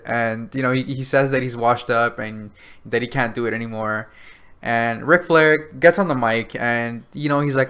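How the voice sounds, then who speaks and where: A man co-hosting a podcast in an easygoing, chatty way. He retells scenes by acting out quoted lines, with plenty of fillers and restarts. His voice sits at an ordinary medium pitch. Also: fairly even intonation, moderate pace, fairly bright tone, clear, resonant tone. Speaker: podcast co-host. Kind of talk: casual recap chat.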